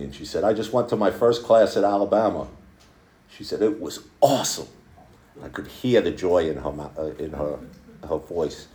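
Low-voiced man in his sixties, roomy echo. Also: a little mellow. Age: 60s. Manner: candid storytelling, halting restarts. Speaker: speaker at a recovery meeting. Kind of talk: personal testimony to a group. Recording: echoey room.

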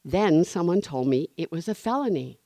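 Speaking to a recovery meeting at a moderate pace, a woman with a fairly low voice shares her personal testimony. She tells it expressively, acting out the voices of the people in her story and laughing often. The studio sound is clean, with no room noise.

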